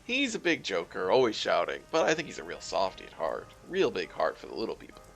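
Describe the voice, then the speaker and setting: A man's voice: deep voice, wildly swooping pitch, a little fast, vocal fry, a bit bright, soft background music, exaggerated voice. A man doing a jittery fawning drone dealer. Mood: eager. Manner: eager, fawning, stilted.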